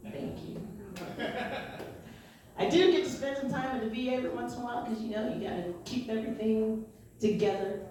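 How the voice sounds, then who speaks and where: A woman in her forties doing a stand-up comedy set in a theatre, brash and lively, laughing at her own jokes. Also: on the high side, fairly quick, pauses often, far from the mic, noisy background. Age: 40s. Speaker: stand-up comic. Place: theatre stage. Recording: echoey hall recorded from afar, audience sounds.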